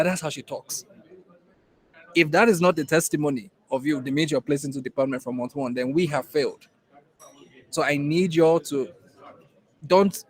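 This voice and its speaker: A man's voice: on the high side, rough recording. A man with a Nigerian accent teaching a class in an emphatic way, repeating key points to drive them home. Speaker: innovation program instructor. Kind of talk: classroom lecture.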